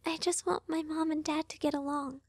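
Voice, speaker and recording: A woman's voice: sits high, steady tone, a little fast, dry recording. A woman voicing a frightened teenage schoolgirl in a fan game dub, talking anxiously to herself. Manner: anxious, breathless self-talk.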